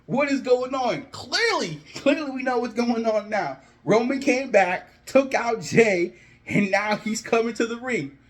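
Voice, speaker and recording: A young man casually telling an imagined wrestling storyline, animated and jumping into characters' lines as he goes. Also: very high voice, a little slow. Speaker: wrestling fan video host. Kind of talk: casual fantasy-booking storytelling.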